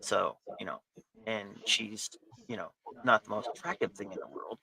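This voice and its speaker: A man narrates a tabletop adventure as game master, with a very bright, forceful tone. He describes scenes casually and plainly. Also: lowish voice, moderate pace, vocal fry, low-quality recording.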